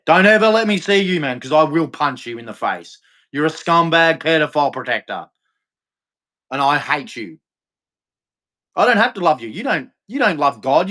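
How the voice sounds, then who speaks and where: A man's voice: a little high, a bit bright. A man, hosting a livestream and delivering a heated, accusatory, repetitive rant full of profanity. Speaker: livestream host.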